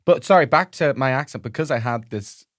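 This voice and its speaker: A man's voice: mid-range voice, brisk, no room sound, studio quality. A young man co-hosting a podcast, chatting casually and slipping into impressions as he tells stories. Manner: animated storyteller, lots of impressions. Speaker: podcast co-host. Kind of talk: casual comedic chat.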